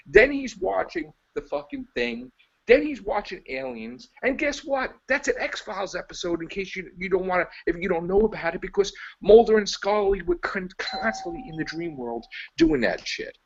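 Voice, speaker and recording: Man, podcast co-host, profane exasperated rant, mocking, gravelly, lo-fi muffled audio. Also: high-pitched. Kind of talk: ranting casual chat.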